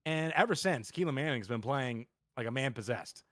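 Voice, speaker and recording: A man's voice: mid-range voice, animated, moderate pace, fairly bright tone, no echo, studio quality. A man giving a casual post-game interview over voice chat, rambling and upbeat with lots of fillers.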